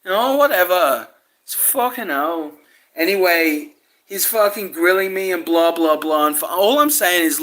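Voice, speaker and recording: A woman's voice: on the low side, sing-song, a little slow, a bit bright. A woman delivering a rambling, angry monologue, swearing nearly every sentence. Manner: swears constantly, rambling, frustrated. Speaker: vlogger.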